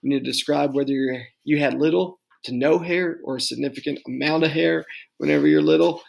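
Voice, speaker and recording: A man's voice: a little high, fairly even intonation, fairly quick, vocal fry, rough recording. A young man from Texas, a teacher giving recorded class instructions from his home office, talking casually with lots of ums and okays.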